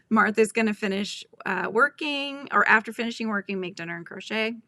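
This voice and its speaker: A woman's voice: mid-range voice, moderate pace, bright, forceful tone, dry recording. A middle-aged woman hosting a crochet livestream, chatting casually, giggling and reading the chat aloud.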